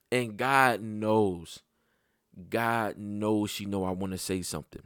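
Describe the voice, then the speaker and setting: A man's voice: fairly even intonation, slow pace, clear, resonant tone, dry recording, studio quality. Blunt, profane man telling a story. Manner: profane, blunt, conversational; voice climbs high and loud when worked up. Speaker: father telling a personal story. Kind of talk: casual storytelling to camera.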